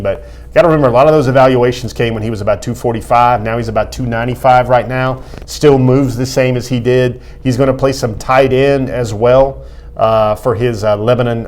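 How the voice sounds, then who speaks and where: A man's voice: mid-range voice, a little mellow. A man who reports on college football recruiting, explaining his views in a thoughtful way with frequent fillers. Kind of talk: sports talk analysis.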